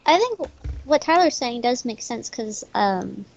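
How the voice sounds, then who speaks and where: A woman's voice: a little high, very animated, measured pace, gravelly, low-quality recording. A woman with a small voice and a Southern US accent, chatting casually on a podcast, giggling and swearing freely. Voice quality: small, light voice. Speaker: podcast co-host. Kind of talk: casual chat.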